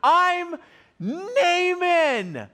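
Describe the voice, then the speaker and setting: A man's voice: very high-pitched, sing-song, very slow, sharp tone, pitched above the performer's own voice, heavily acted. A man putting on a pompous, offended commander. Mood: indignant. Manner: indignant, self-important ranting. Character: proud offended foreign army commander, male.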